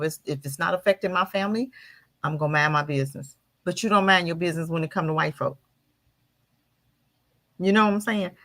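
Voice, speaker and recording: A woman's voice: lowish voice, a bit bright. A woman guest on a talk show, speaking with fiery, preaching energy and firing off rhetorical questions. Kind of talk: impassioned commentary.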